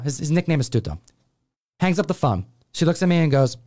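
Animated storytelling man, casual chat. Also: fairly high pitch, fast. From Buffalo, New York. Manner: animated, acts out family voices. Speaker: comic book show host.

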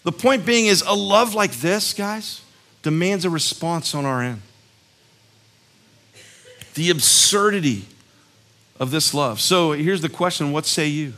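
A man's voice: on the high side, lively intonation, measured pace, pauses often, fairly bright tone. A man preaching a sermon as a pastor, conversational and earnest, telling stories and acting out quotes with emphasis. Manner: conversational, storytelling with acted-out quotes.

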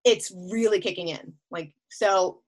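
A woman's voice: medium pitch, measured pace, poor audio. A woman telling a long story as a podcast guest, laughing often as she talks. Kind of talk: casual storytelling.

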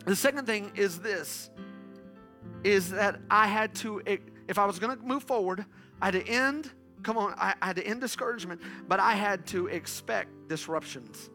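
A man's voice: sits high, normal speed, bright, forceful tone, faint music behind. A man pastor preaching a sermon in an urgent call-and-response style, often pressing his listeners with "come on.".

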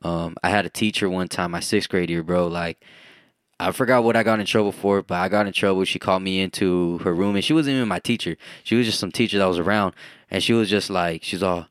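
A young man with a very low voice talks in a loose, rambling way, leaning on fillers and casual swearing. The sound is dry and close. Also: fairly even intonation, brisk, no room sound. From United States. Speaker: podcast co-host. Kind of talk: casual chat.

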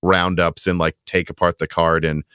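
Relaxed Midwestern man, deep and dry. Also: moderate pace, clean tone, no echo. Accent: Midwestern American. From Minnesota. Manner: relaxed, chatty, reads questions aloud. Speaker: podcast co-host reading listener questions. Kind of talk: casual tech podcast chat.

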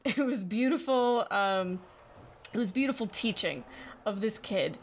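A woman's voice: medium pitch, gravelly. Woman podcast host, earnest and story-driven, answering listener questions on her own. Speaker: podcast host and dog trainer. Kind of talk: solo podcast monologue.

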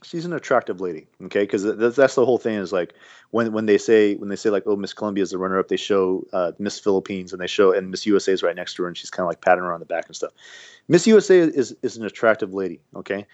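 A man co-hosting a podcast, rambling and animated in casual banter, full of restarts. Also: on the low side, fast talker, no room sound, lo-fi sound. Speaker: podcast co-host.

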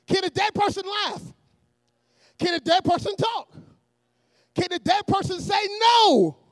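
Very high-voiced man preaching a sermon. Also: measured pace, no room sound. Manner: energetic, often shouting, with joking asides. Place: church.

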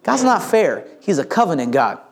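Animated high-voiced preacher man. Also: moderate pace. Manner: animated storytelling, acts out voices. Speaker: pastor. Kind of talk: sermon.

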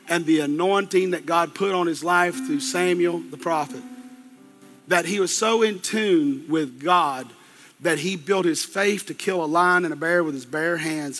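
A man's voice: on the high side, a bit bright. A man preaching a sermon, retelling a story in a folksy, colloquial way with plenty of asides.

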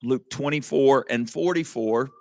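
A man's voice: mid-range voice, unhurried, dry recording, clean studio sound. A man preaching a sermon in an emphatic way, often turning to the congregation with asides. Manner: emphatic, calls to the congregation with asides like "okay?" and "amen".

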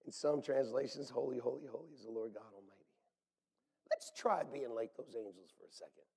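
A man preaching a sermon as pastor, animated and swinging from loud calls to hushed near-whispers. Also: mid-range voice, brisk, vocal fry, husky, big-room sound.

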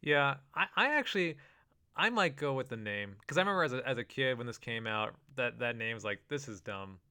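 Easygoing podcast co-host, man, bright crisp voice, laughs often. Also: medium pitch, lively intonation, fairly quick. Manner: easygoing, laughs often, many "you know" fillers. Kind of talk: casual chat.

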